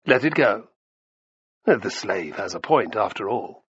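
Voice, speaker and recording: A man voicing a smug, condescending aristocratic Roman politician in an audiobook reading, with a raised, loud, drawling delivery. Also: lowish voice, lively intonation, a little slow, husky, no echo, lo-fi sound, exaggerated voice.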